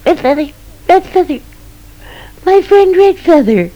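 Woman voicing a squeaky, eager little field mouse for a told tale, high and lively. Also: a little slow, dull audio, exaggerated voice. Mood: joyful. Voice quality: squeaky, excited, stammering. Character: small cheerful male field mouse.

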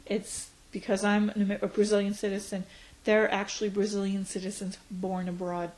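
A woman's voice: medium pitch, flat delivery, fairly quick, a little mellow, poor audio. Woman in her 40s telling her story, lots of ums and you knows, thinking as she goes. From United States. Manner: reflective, hesitant with frequent fillers. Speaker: interviewee. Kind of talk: oral history interview.

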